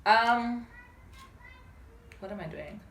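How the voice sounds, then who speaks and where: Animated South African woman telling a story. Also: mid-range voice, very slow, echoey room, a little hiss or hum. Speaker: vlogger. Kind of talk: storytime vlog.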